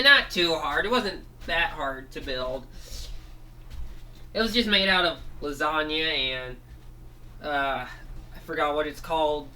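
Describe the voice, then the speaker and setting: A man telling a rambling, improvised story, correcting himself as he goes and jumping into quick voices for the characters. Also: on the high side, bright, forceful tone.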